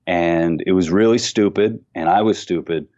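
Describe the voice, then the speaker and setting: Deep-voiced man with a faint New York accent. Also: normal speed, muffled recording. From Queens, New York. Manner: animated storyteller, self-mocking, many restarts. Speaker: comedian guest. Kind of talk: casual podcast interview.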